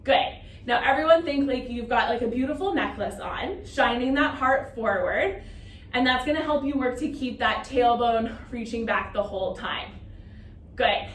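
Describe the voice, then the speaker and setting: A high, bright-voiced woman leads a Pilates class, counting down reps and cueing each breath with encouragement. She is heard from a distance in a roomy space, with a faint hiss of noise behind her. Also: moderate pace. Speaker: Pilates instructor. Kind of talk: guided exercise class cueing.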